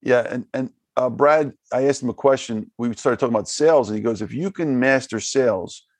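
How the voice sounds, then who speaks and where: A man's voice: medium pitch, a little fast, no echo. A man hosting a podcast, rambling and repeating words as he sums up his guest's points. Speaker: podcast host. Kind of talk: podcast conversation.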